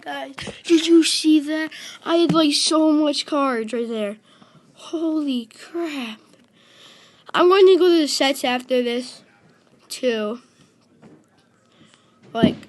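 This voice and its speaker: Female gaming host, high and bright, unhurried, excitable, calls out to viewers. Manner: excitable, keeps calling out to viewers. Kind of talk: casual game commentary.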